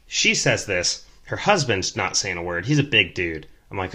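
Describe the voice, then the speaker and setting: Animated storytelling young man, lively pitch. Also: moderate pace. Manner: animated, chatty, many fillers. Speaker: podcast host, rideshare driver. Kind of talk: storytelling podcast.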